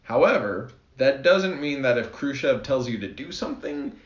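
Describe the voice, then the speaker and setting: A man's voice: medium pitch, lively intonation, moderate pace. A man co-hosting a podcast, chatting casually and laughing often as he explains history. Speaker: podcast co-host. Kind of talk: casual chat. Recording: roomy, dull lo-fi recording.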